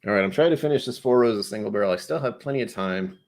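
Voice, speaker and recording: Young male livestream host, slightly low voice, loose and jokey, addresses viewers by name. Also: expressive, quick pace, darkish tone. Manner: rambling, jokey, talks to chat viewers by name. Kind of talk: casual live-stream chat reading comments.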